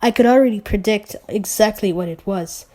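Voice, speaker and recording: A woman's voice: medium pitch, normal speed, a little mellow. Woman host, mocking fanfic read-through, sarcastic asides, trips over words. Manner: sarcastic asides, slips and self-corrections. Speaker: channel host. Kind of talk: mocking reading of fan fiction.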